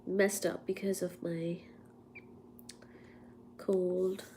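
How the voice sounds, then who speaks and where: Congested woman chatting slowly on a livestream. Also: on the low side, flat delivery, warm tone, slight background noise. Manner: chatty, laughs at herself, coughs between lines. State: congested with a cold. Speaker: livestream host. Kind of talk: casual livestream chat.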